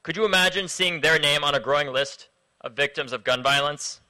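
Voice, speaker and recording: A young man from Florida giving an impassioned speech to a rally crowd outdoors, his speech shifting between low, grave passages and loud chants that he leads. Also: brisk, poor audio. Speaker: activist speaker at a rally.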